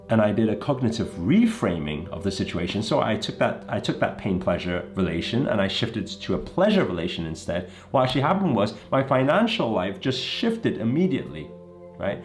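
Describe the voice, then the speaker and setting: Male motivational speaker from England, animated, emphatic, faint music bed. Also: lowish voice, moderate pace. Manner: lively, emphatic, frequent "right?" and "you know". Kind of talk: motivational talk to camera.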